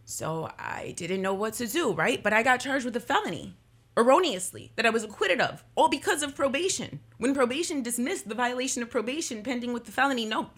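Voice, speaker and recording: A woman's voice: on the high side, expressive, quick pace, a bit bright, breathy edge. A woman in her thirties, an attorney, speaking in an emotional radio interview with impassioned, emphatic talk that repeats phrases for force. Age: 30s. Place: radio studio.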